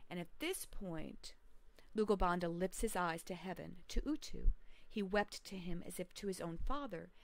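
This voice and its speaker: A woman's voice: on the low side, creaky, no echo, low-quality recording. Woman reading history aloud in a dry room. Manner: measured, explanatory, adds side comments. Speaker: homeschool teacher. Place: home.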